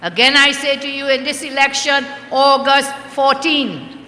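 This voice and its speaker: A woman's voice: sits high, a little slow, bright, forceful tone. Rousing woman at a rally. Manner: rousing, rhetorical, chants slogans. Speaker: political party leader. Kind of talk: campaign rally speech. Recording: echoey hall with crowd ambience.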